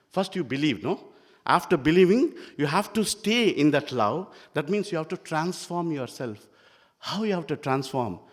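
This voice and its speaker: Older man in his sixties, spiritual speaker, lively storytelling devotional talk, long hall echo. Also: medium pitch. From India. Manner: animated storyteller, acts out dialogue.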